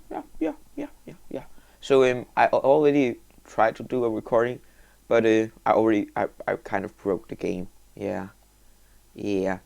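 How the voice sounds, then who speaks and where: Let's-play host, male, slow and gravelly, excitable, prone to yelps. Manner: rambling and excitable, with sudden high yelps and whoops. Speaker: gaming video host. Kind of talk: casual let's-play commentary.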